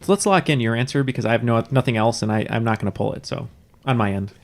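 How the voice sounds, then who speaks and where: A man's voice: mid-range voice, fast talker. A man playing a trivia game on a podcast. He talks loosely and jokily, breaking into laughs now and then. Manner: jokey, laughs often. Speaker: quiz contestant. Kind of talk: casual banter.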